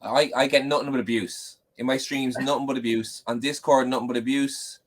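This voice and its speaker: A man's voice: medium pitch, fairly even intonation, brisk. Joking Irish man co-hosting. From Ireland. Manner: joking, mock-complaining. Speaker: co-host. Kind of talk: casual chat.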